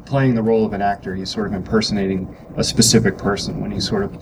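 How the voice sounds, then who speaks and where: A man from Georgia talking in a relaxed, halting way in casual chat. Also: lowish voice, gravelly. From American South, Georgia. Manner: relaxed, hesitant, many fillers. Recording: distant mic with background noise.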